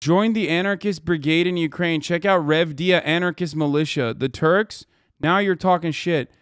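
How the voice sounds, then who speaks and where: A man reacting to a news video on a livestream, ranting angrily and swearing heavily, his voice rising into shouts. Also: a little high, normal speed, clean tone, no room sound, clean studio sound. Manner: profane, angry ranting.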